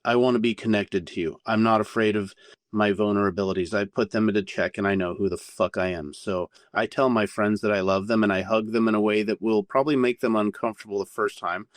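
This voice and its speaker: A man telling a candid story as a podcast guest, animated and full of swearing. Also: on the low side, a little fast, dry recording, studio quality. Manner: profane, animated anecdote-telling.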